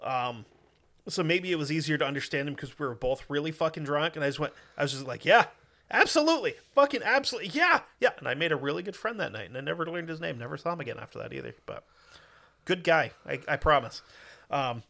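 A man's voice: fairly high pitch, fast talker, gravelly, sharp tone. A man telling a war story in a casual podcast chat, profane and emphatic.

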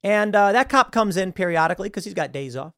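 A male host works through his commentary in an animated, scornful way. His voice sits a little high for a man. The sound is close and dry, with no room echo. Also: fast. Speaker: show host. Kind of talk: political commentary.

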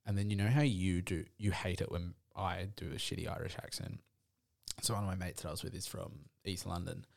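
A young man rambles through stories as a podcast co-host, laughing often along the way. His voice is very deep with a gravelly grain. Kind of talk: casual chat.

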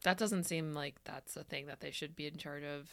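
A woman co-hosting a casual podcast, her voice sitting a little low. She chimes in with short, dry wisecracks. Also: fairly even intonation, normal speed, vocal fry, dry recording. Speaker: podcast co-host. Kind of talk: casual chat.

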